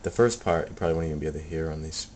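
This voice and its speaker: A man casually talking through his recordings, soft-spoken and hesitant, full of ums and restarts. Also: very deep voice, rapid-fire, slight background noise. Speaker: paranormal hobbyist playing back recordings. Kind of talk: casual video commentary.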